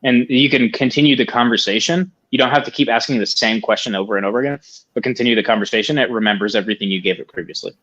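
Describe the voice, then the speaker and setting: Husky man explaining things patiently. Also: medium pitch, very fast, a bit bright, lo-fi sound. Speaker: open mic participant. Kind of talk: casual chat.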